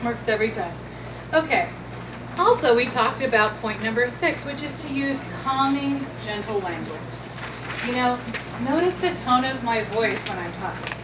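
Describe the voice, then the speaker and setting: Gentle woman therapist in an echoey hall. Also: a little high, animated, moderate pace. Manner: gentle, coaching, acts out sweet quotes. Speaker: therapist leading a workshop. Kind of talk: conference talk with role-play. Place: conference room. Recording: echoey conference room from far off, noisy.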